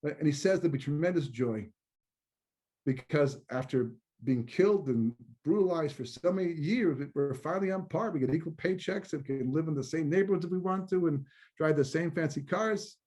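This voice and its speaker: A man's voice: fairly high pitch, normal speed, a little mellow. A man, a rabbi giving a Torah lecture in a conversational way, often repeating words and mixing in Hebrew terms. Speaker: rabbi and teacher.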